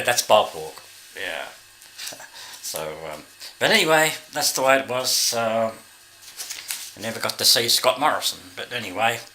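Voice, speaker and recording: A man's voice: lowish voice, sharp tone, a little hiss or hum. An Australian man vlogging in a casual, rambling way, chuckling often and losing his thread. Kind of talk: casual chat to camera.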